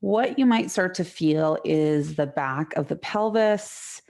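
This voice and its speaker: Female yoga teacher, low and gravelly, soothing guided-class delivery. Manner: calm, slow and soothing cues. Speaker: yoga instructor. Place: home room, online class.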